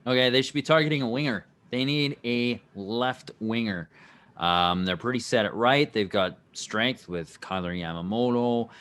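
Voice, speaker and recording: Deep-ish guy arguing his hockey takes, earnest, won't back down. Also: fairly bright tone. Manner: earnest, stands by his opinions. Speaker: podcast panelist. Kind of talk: casual sports chat.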